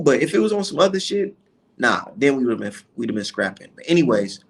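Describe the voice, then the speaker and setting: A man hosting a boxing vlog tells a story in a loose rant full of slang and swearing. His voice is gravelly with a husky grain. The telling is animated and casual. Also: medium pitch, brisk. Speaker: boxing vlogger.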